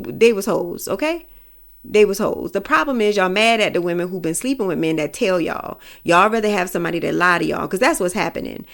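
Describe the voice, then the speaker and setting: A woman's voice: medium pitch, gravelly. A woman hosting a podcast, giving her opinions in a blunt, vulgar, emphatic way with speech. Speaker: podcast host. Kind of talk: casual opinion monologue.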